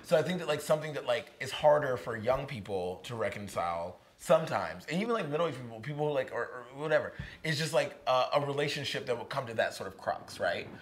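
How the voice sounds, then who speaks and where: Fast-talking young man, lots of "like". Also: medium pitch. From Virginia, USA. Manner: fast, animated, heavy use of "like", acts out quoted voices. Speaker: playwright, interview guest. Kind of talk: casual onstage conversation. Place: historic barn, live event.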